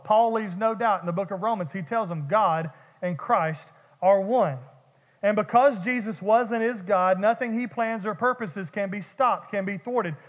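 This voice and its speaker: A pastor preaches in a lively, conversational way, full of vivid humor and repeated words. His voice sits very high and carries a long church echo. The recording is dull and lo-fi. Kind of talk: sermon. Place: church sanctuary. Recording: dull echoey church hall.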